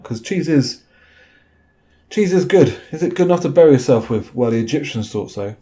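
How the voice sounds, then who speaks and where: Chatty rambling man, mellow voice. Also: medium pitch, lively intonation, fairly quick. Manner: chatty, tag questions like "right?", many fillers. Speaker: video host. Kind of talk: rambling casual monologue.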